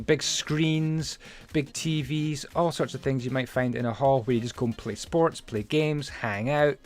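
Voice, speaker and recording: A man hosting a casual game-building video, rambling chattily with plenty of fillers and asides as he tells stories. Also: mid-range voice. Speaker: Minecraft building channel host. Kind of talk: casual building commentary and storytelling.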